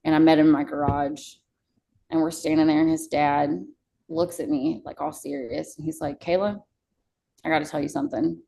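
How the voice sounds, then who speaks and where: A woman's voice: low voice, fairly even intonation, moderate pace, vocal fry, warm tone, a little hiss or hum, rough recording. A young woman, a podcast guest, telling a personal story in a candid, casual way and swearing freely.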